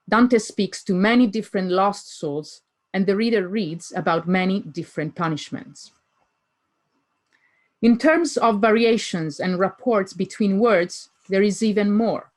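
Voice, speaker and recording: A woman giving an academic lecture, reading poetry closely with deliberate emphasis. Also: mid-range voice. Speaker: conference speaker.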